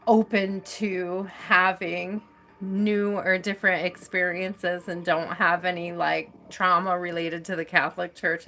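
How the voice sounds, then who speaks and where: A woman's voice: medium pitch, a bit bright. A woman hosting a tarot live stream, chatting casually and effusively, laughing often and using lots of fillers.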